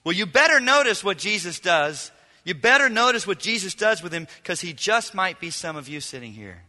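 A male pastor preaching a sermon, swinging dramatically from loud, lively lines to hushed ones. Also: high-pitched, moderate pace, long reverb tail. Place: church hall.

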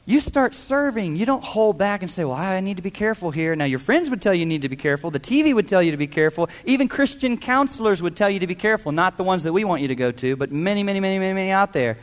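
Man, pastor, sermon, emphatic, rhetorical questions, high-pitched, long hall reverb. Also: expressive, fast, hardly any pauses.

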